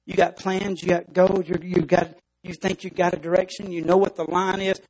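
High, husky-voiced preacher. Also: male voice, flat delivery, moderate pace, a little mellow, low-quality recording. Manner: emphatic preaching, acts out stories. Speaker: pastor. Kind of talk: sermon.

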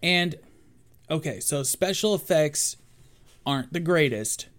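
A man's voice: on the high side, fairly bright tone. A man co-hosting a podcast, recapping a film in casual chat with teasing jokes. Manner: joking, teasing, quick to laugh. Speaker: podcast co-host.

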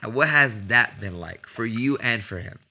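A man hosting a casual interview, relaxed and conversational, prompting questions with fillers. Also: fairly low pitch, moderate pace. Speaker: podcast host.

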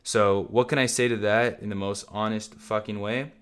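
A man's voice: fairly low pitch, steady tone, normal speed, clean tone. A man hosting a solo motivational podcast, talking bluntly and casually to his listeners and swearing freely. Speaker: podcast host.

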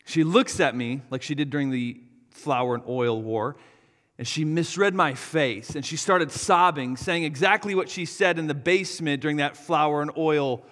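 A man in his thirties preaches a sermon, a pastor telling a personal story and slipping into the voices of the people in it. His voice sits a little high for a man, and a long reverb trails behind it as if in a church hall. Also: normal speed, a bit bright. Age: 30s. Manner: storytelling, shifts into quoted voices of his child.

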